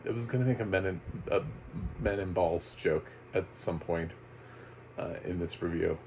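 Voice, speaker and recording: A man's voice: low-pitched, normal speed, a little mellow, slight background noise, low-quality recording. A man giving a casual, rambling video review of a documentary, full of fillers, restarts and chuckles. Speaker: movie reviewer.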